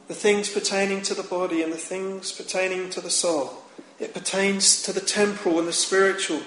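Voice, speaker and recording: A male preacher delivers a sermon in a high voice at an unhurried pace. His words are measured and solemn, building to emphatic rises. The recording is echoey with faint background noise. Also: a bit bright.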